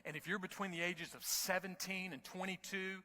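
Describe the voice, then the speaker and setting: A man preaching a sermon to his congregation, telling stories and building to near-shouts at the climaxes. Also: sits high, a little fast, few pauses, big-room sound. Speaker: pastor. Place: church sanctuary.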